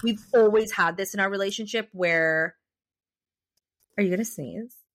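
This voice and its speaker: A young adult woman co-hosting a podcast, telling a personal story in a chatty, animated way with lots of fillers. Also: medium pitch, normal speed. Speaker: podcast co-host. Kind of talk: casual chat.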